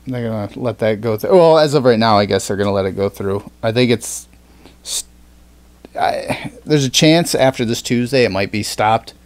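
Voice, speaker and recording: A man's voice: fairly low pitch, moderate pace, no room sound. A man hosting a podcast in casual chat, rambling with fillers and plenty of swearing. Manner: rambling, swears often, frequent fillers and restarts. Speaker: podcast host.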